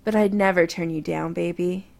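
Woman voicing a tender, teasing man, gravelly. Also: lowish voice, steady tone, moderate pace, darkish tone.

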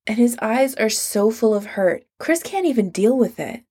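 Slow-paced woman narrator. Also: a little high, expressive, darkish tone, slightly rough. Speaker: audiobook narrator. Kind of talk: scripted narration.

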